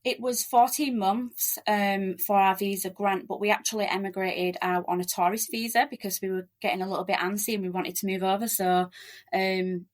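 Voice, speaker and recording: A middle-aged woman from Leeds with a strong Yorkshire accent, chatting quickly and cheerfully as a podcast guest. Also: mid-range voice, steady tone. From Leeds, West Yorkshire, England. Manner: quick-talking, chatty, laughs often. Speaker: podcast guest, relocation agent. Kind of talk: casual interview chat.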